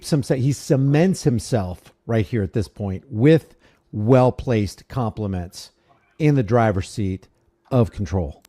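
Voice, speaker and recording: A man in casual commentary, talking in a deliberate and critical way. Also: on the low side, expressive, dark tone.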